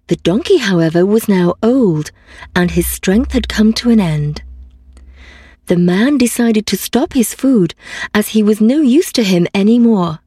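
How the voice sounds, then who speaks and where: A woman reading a fairy tale aloud in a calm, even manner. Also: mid-range voice, unhurried, slightly rough, no echo, clean studio sound. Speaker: storyteller. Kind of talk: storybook reading.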